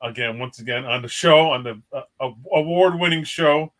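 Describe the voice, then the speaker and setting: Bright-voiced man rambling with laughs. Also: medium pitch, moderate pace. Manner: rambling, laughs often, many restarts. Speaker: guest. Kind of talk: casual podcast chat.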